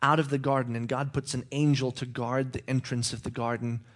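A man's voice: medium pitch, little pitch movement, fairly quick. A male preacher giving a conversational sermon, often checking in with his listeners with "okay?".

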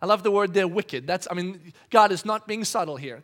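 A man in his thirties preaching a sermon, telling stories in a lively, conversational way and acting out the dialogue. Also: high-pitched, brisk. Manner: animated storytelling, acting out quoted dialogue; conversational with many restarts. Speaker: pastor.

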